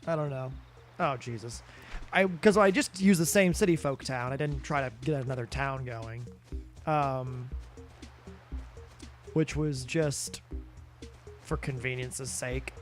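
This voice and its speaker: A man's voice: medium pitch, slow, pauses often, soft background music. A tired, sleepy man streaming a game late at night, rambling in casual chat with lots of fillers and restarts that trail off.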